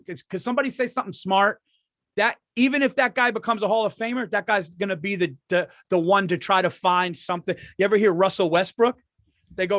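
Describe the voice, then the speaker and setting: A middle-aged man co-hosting a podcast, telling animated stories and acting out quotes in casual chat. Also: high voice, normal speed, no echo. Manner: animated storyteller, acts out quotes. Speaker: podcast co-host.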